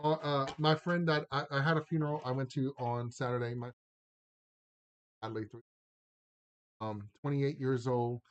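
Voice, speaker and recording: A man's voice: mid-range voice, fairly even intonation, moderate pace, pauses often, highs cut off. A man from the Lafayette area of Louisiana with a Cajun accent, chatting casually on a live stream and doing a card reading. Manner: chatty, rambling, drawling "y'all", laughs often.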